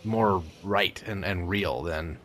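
A man's voice: deep voice, slow pace, a bit bright, a little hiss or hum. A man co-hosting a casual chat, talking enthusiastically in long rambling runs with plenty of swearing.

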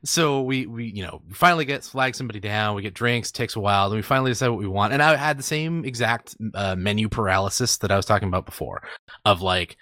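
Guy with a bright edgy voice telling a wry rambling story, dead dry sound. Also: lowish voice, fast, no room sound. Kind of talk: casual chat.

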